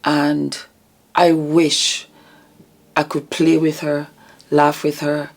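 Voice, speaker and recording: A woman hosting her own channel, talking earnestly and emotionally about vulnerability and healing, with deliberate repetitions. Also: sits low, completely flat delivery, vocal fry, faint music behind. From United Kingdom. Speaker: channel host. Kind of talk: reflective commentary vlog.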